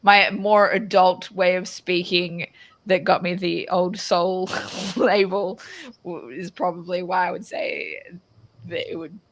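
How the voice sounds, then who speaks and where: A woman's voice: lowish voice, level tone, unhurried. An Australian woman hosting a casual chat, talking loosely with many restarts and laughing often. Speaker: podcast host.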